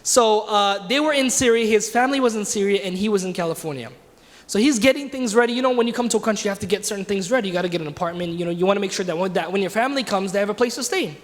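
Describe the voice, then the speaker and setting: A man's voice: sits high, rapid-fire. A man teaching a religious class in a mosque, telling a story and asking his class questions in a conversational way. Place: mosque hall. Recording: reverberant hall.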